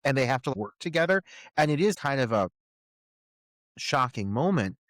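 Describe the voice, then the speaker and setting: A man's voice: mid-range voice, very animated, normal speed, fairly bright tone, no room sound, clean studio sound. A man co-hosting a film podcast, giving thoughtful, analytical commentary in casual chat with frequent filler words. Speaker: podcast co-host.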